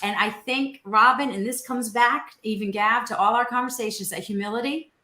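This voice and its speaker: Woman co-host, animated storyteller who acts out dialogue; bright, sharp tone, echoey room. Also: on the high side, moderate pace. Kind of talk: casual storytelling. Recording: roomy echo.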